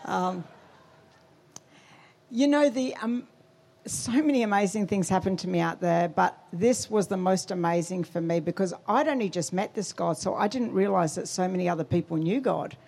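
A woman giving a sermon testimony, telling her story with animated quotes and emphasis. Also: fairly low pitch, normal speed, gravelly. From Australia.

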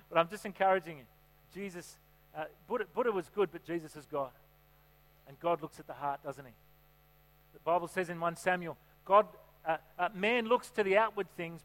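A man's voice: fairly high pitch, fairly bright tone. A man preaching a sermon in a church, chatty and joking, often asking the congregation questions. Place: church hall. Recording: reverberant hall with mains hum.

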